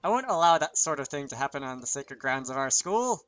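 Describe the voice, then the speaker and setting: A man voicing a young female student council head from a visual novel, shrill and indignant. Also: sing-song, brisk, soft background music.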